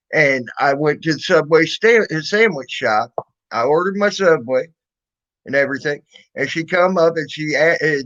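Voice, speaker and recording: A man's voice: on the high side, a bit bright, muffled recording. A man with a Southern US accent chatting crudely on a stream, joking and stumbling over restarts. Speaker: stream host. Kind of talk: casual chat.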